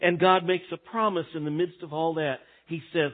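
A man preaching a sermon as a pastor, swinging between loud emphatic lines and hushed ones. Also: on the high side, steady tone, normal speed. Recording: tinny phone-like sound.

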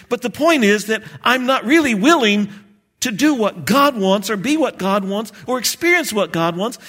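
A male pastor preaching a sermon in an animated way, acting out prayers and chuckling at his own jokes. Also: high-pitched, normal speed.

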